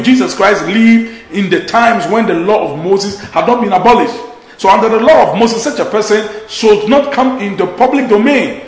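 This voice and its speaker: A male preacher delivers an exhorting sermon in a high, gravelly voice. He slows to a deliberate drawl whenever he reads scripture. The sound carries the echo of a roomy space.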